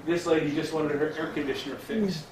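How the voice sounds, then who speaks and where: A middle-aged man, a chaplain, gives an earnest storytelling talk to a church audience, with halting fillers and restarts and a hush for quoted speech. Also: fairly high pitch. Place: church hall. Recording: echoey hall, distant mic, faint hiss.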